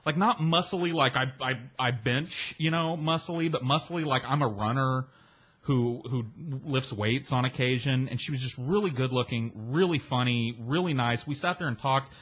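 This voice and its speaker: Casual male storyteller, animated, acts out quoted voices, mid-pitched. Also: slightly rough. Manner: swears freely, chatty and self-mocking.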